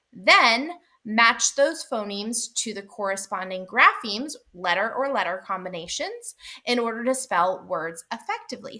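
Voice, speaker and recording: A woman with a bright, ringing, fairly high voice walks fellow teachers through a classroom method. She keeps it casual and upbeat, dropping fillers and frequent "right?" check-ins. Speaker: literacy teacher trainer.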